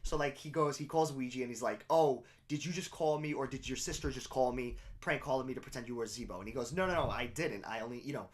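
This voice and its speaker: A medium-pitched young man rattles along quickly with hardly any pauses, co-hosting a casual podcast. He recounts a TV episode in lively storytelling packed with swearing and laughs.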